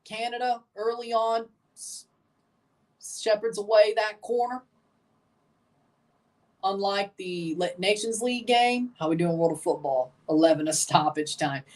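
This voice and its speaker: A man's voice: sits high, measured pace, long pauses. Rambling young man calling a match live. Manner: rambling, jokey, chats to viewers. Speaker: watchalong streamer. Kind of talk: live match-reaction commentary.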